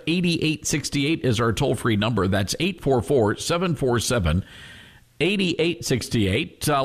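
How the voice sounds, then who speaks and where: A man hosting a talk radio show, speaking in a folksy, emphatic way and repeating phrases for effect. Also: fairly high pitch. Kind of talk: conservative talk radio monologue.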